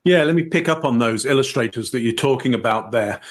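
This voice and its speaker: A man on a panel breaking down body language, explaining step by step in a measured, emphatic way. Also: medium pitch. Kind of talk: analytical commentary.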